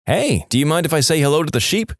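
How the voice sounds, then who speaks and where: A man's voice: fairly high pitch, sing-song, quick pace, no room sound, studio quality, voice pushed up. A man voicing a polite, friendly ventriloquist in a spoken joke. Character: smooth polite male ventriloquist.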